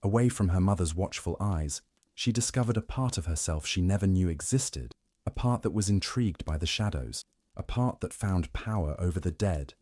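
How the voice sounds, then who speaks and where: Deep, wry man narrating a sleep story. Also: moderate pace, no echo, studio quality. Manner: wry, deadpan humor, speaking to the god as "you".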